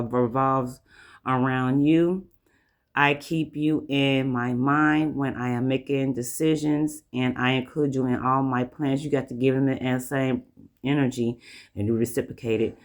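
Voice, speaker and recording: A man with a Southern US accent giving a casual tarot reading. He rambles, keeps repeating himself, and slows right down to draw out the messages he reads from the cards. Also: medium pitch. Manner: rambling, repeats "like I said" and "you know". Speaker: tarot reader.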